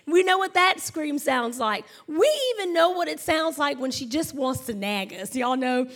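A woman pastor, preaching in a chatty, story-driven way. Her voice sits high and she talks to the congregation warmly as y'all and honey. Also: normal speed, hardly any pauses. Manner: chatty, animated storytelling with laughs and acted-out noises. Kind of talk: sermon.

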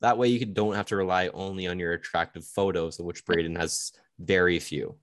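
A man's voice: sits low, fairly even intonation, a little fast. A man co-hosting a casual podcast, teasing and laughing often. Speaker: podcast co-host.

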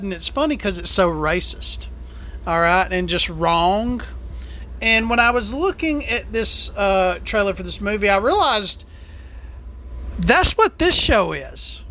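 Guy doing a fake southern drawl on his comedy podcast, kinda high and raspy-gravelly, rambling deadpan with lots of uhs. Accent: put-on Southern US. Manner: rambling, deadpan, full of "uh" fillers. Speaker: podcast host. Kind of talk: in-character comedy monologue.

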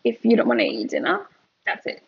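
A woman's voice: fairly high pitch, huge pitch swings, brisk, vocal fry, breathy edge, lo-fi sound. A mother co-hosting a parenting podcast, chatting candidly and laughing as she tells stories, worn out from lost sleep. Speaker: podcast co-host. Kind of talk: casual chat.

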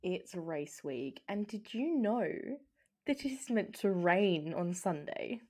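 A woman's voice: on the low side, lively intonation, slow, warm tone, slightly rough. A woman co-hosting a casual podcast chat, playful and steering the topics. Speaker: podcast co-host.

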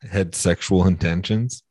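A man's voice: low voice, a little mellow, breathy edge, no echo, studio quality. A young man co-hosting a casual podcast over a video call, teasing and swearing through laughing rants. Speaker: podcast co-host.

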